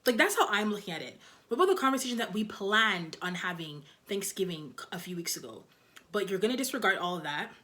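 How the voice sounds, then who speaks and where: A woman's voice: mid-range voice, sing-song, fast, pushed and bright. Chatty young woman reviewing a show. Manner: chatty, loose, heavy on fillers like "like" and "you know". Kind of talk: casual episode review chat.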